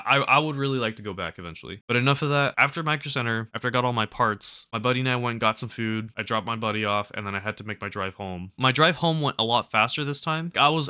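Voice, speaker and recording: A man's voice: lowish voice, sharp tone, clean tone. A young man from California telling a rambling casual vlog story, full of "like" fillers and restarts. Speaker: gaming streamer.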